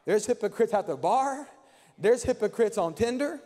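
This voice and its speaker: A man's voice: sits high, lively intonation, moderate pace, mellow, in a large hall. A man preaching a sermon as pastor, with an impassioned, repetitive cadence in a church sanctuary.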